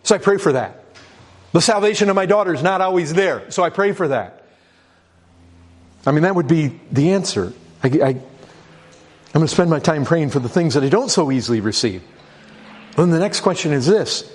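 A man's voice: a little high, lively intonation, brisk, husky. Man preaching a conversational sermon. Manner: conversational preaching with many restarts and repeated words; reads scripture aloud and rises in urgency. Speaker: pastor.

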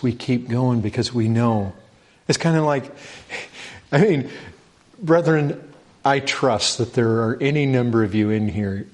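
Animated and medium-pitched, a man preaches a sermon. He puts rhetorical questions to the congregation and drives his points home with rising emphasis.

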